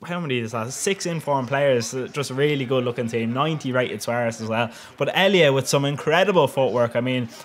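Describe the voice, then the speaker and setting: A young gaming channel host with a medium-pitched, fairly bright voice narrates his own football video game matches. His voice-over is cheeky and rambling, and he laughs a lot. There's slight background noise.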